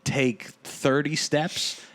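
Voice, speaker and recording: A man's voice: a little high, steady tone, drawn-out words, a bit bright. A young man hosting a podcast, telling a rambling, profane story in casual chat with lots of fillers. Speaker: podcast host.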